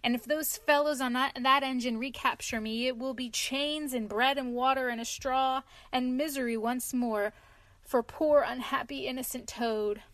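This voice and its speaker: A woman's voice: steady tone, normal speed, fairly bright tone, no echo. A woman voicing a boastful, self-pitying male toad with dramatic, pleading speech in a storybook reading. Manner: dramatic, pleading, high-strung.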